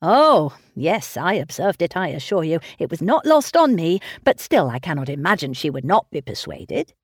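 Eine Frau spielt einen schmeichelnden jungen Verehrer. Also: female voice, low voice, moderate pace, breathy edge, no room sound, clean studio sound, full character voice. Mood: eager. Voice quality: effusive, flattering. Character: gallant, fawning young gentleman suitor. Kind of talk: audiobook character reading.

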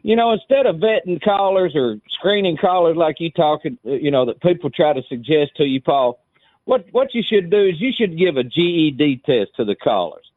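A man calls in over a tinny phone line, his high voice swooping up and down as he ribs the host in a mocking, sing-song way. The sound is dry and narrow. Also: animated, normal speed, no room sound. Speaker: caller. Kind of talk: trash-talking call-in banter.

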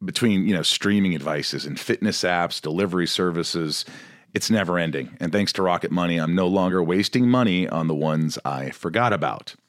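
A podcast host with a deep voice reads a sponsor spot in a chatty, upbeat way, as if talking to a friend. The recording is close and dry, without room sound. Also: male voice, normal speed, no echo. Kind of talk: casual sponsor read.

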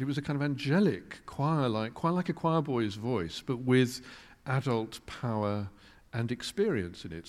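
Wry older man in a hall. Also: medium pitch. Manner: wry, articulate, self-deprecating. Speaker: guest musician. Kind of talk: reflective storytelling interview. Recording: long reverb of a large hall.

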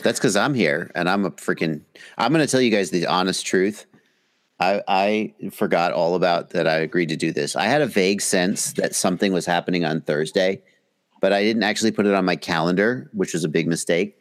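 Chatty American man, low voice. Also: a little fast. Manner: chatty, self-mocking, joking. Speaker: guest. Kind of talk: casual livestream chat.

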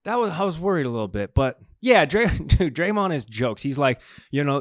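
Man co-host, highish voice, dry sound, excitable sports banter, laughs easily. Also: fairly quick, hardly any pauses, no echo. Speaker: podcast co-host. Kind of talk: casual sports chat.

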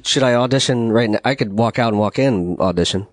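A man's voice: medium pitch, fast talker, dry recording, studio quality. A man co-hosting a podcast, playful and self-mocking in casual chat. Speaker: podcast co-host.

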